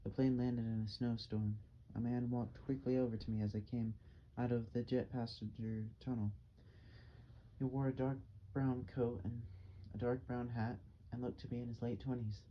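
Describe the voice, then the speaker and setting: A man reading an audiobook novel in a calm, measured narration. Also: medium pitch. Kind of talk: scripted narration. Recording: dull, slightly muffled with faint hiss.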